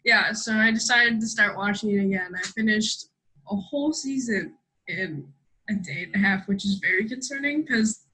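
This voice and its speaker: Young woman co-host, super bright voice, rambly and excitable. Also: mid-range voice, normal speed, poor audio. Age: young adult. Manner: rambling, excitable, swears casually. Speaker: podcast co-host. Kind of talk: casual chat.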